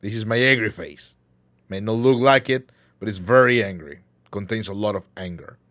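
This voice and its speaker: Male livestream host with a lowish voice, rambling and jokey, fakes anger for laughs. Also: normal speed, fairly bright tone. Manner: playful, rambling, mock-angry banter with chat. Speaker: talk show host. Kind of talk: casual livestream chat.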